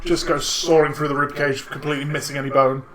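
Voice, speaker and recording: A man's voice: fairly high pitch, level tone, fast, over a noisy crowd. A man running a tabletop game as dungeon master, narrating in a chatty way with lots of fillers and laughs.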